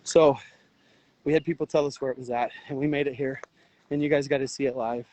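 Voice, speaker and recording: A man's voice: mid-range voice, steady tone, brisk, dark tone, low-quality recording. An exhausted man livestreaming outdoors by a river, talking in an urgent, earnest, rambling way with restarts. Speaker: livestream host, veteran volunteer. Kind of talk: emotional outdoor livestream commentary. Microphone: phone livestream.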